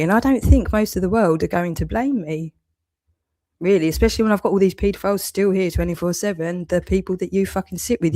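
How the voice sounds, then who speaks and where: A woman's voice: fairly low pitch, fairly quick, a little mellow. A woman delivering an angry, heavily sworn monologue rant, accusing and scolding. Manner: heavy swearing, accusatory, rising anger.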